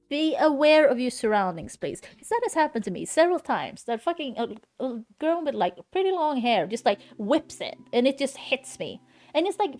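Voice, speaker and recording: A woman's voice: fairly high pitch, big pitch swings, normal speed, a little mellow, soft background music. A woman streaming live from home, chatting casually in a blunt, ranting way and swearing freely.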